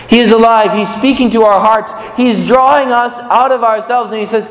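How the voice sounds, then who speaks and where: A man preaching a sermon, telling the story in an animated way with big swings in pitch. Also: normal speed, reverberant, big-room sound, low-quality recording.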